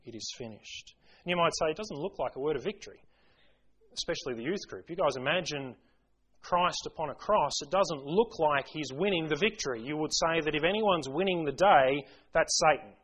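A man's voice: on the high side, fairly quick, fairly bright tone, husky, rough recording. A man preaching a sermon, earnest and building to impassioned emphasis as he quotes scripture.

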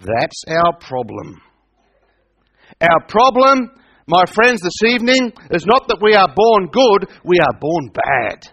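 A man's voice: sits high, big pitch swings, slow pace, gravelly, a bit bright, husky, lo-fi sound. A middle-aged man preaching a sermon. He hammers his points home by repeating them and keeps asking his listeners questions. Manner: emphatic, repeats points, asks the audience questions.

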